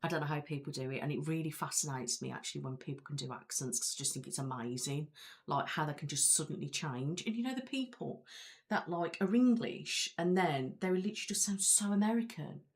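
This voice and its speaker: This ASMR creator, a woman from Belfast, Northern Ireland, talks with her live stream audience in a loose, rambling way, filling gaps with lots of fillers. She has a deep voice with lively intonation and speaks a little fast, with a Belfast accent.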